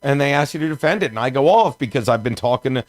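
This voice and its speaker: A man's voice: mid-range voice, expressive, fast. A man in his fifties from South Jersey, telling a rambling story on a podcast and laughing as he goes. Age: 50s. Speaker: comedian guest.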